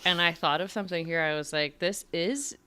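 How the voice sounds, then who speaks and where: A woman's voice: fairly low pitch, a little fast, pushed and bright, clean tone. A woman in her thirties co-hosting a podcast, recapping a TV episode in casual chat with dry, wry asides. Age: 30s. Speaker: podcast co-host.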